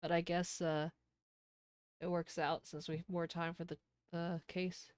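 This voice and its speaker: A woman streamer giving casual commentary over a story game, relaxed and muttering asides to herself. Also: fairly low pitch, measured pace, smooth, dry recording.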